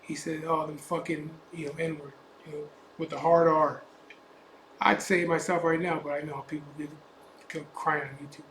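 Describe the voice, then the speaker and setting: Profane Chicano biker ranting in echoey room. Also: male voice, fairly high pitch, little pitch movement, moderate pace, a bit bright. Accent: Chicano English. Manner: profane, defiant, repetitive asides. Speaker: biker vlogger. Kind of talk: blunt unscripted rant to camera. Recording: echoey room, faint background hum.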